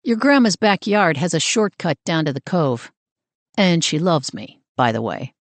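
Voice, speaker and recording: Woman putting on a smirking young surfer guy, low voice, lively teasing lilt, dry audiobook sound. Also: unhurried, dry recording. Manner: playful, smirking banter.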